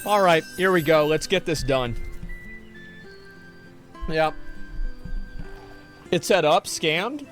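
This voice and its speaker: A man's voice: fairly high pitch, very animated, unhurried, long pauses, a bit bright, soft background music. Brash, profane male streamer. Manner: brash, profane, rambling, reacting to chat. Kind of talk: casual livestream chat.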